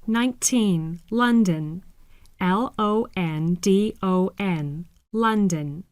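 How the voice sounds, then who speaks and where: A woman reading a language lesson script slowly and carefully, spelling words letter by letter. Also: medium pitch, a little mellow, clean tone, dry recording. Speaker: listening practice narrator.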